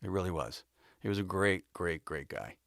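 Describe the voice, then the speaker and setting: A man's voice: deep voice, animated, moderate pace, creaky, a bit bright, dry recording, studio quality. A middle-aged man hosting a podcast, telling rambling backstage anecdotes with frequent laughs and acted-out quotes. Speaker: podcast host. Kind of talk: casual storytelling.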